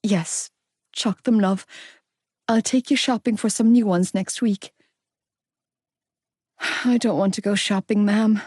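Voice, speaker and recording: A woman's voice: medium pitch, fairly even intonation, takes it slowly, pauses often, darkish tone, no echo. A woman voicing a heartbroken, fiercely loyal young woman close to tears in an audiobook. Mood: weary. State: crying.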